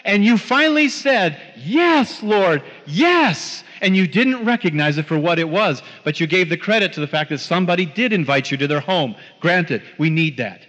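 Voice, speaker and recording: A man's voice: a little high, animated, fairly quick, few pauses, a bit bright. A man preaching a sermon, telling a story with quoted dialogue and emphatic rises. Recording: dull lo-fi sound in a long-reverb hall.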